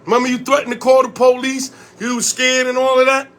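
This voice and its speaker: A man's voice: very high-pitched, monotone, fast, fairly bright tone. A man from Connecticut who posts videos and organizes in his community, delivering a heated, profane rant straight to the camera and hammering his points home with repeated rhetorical questions.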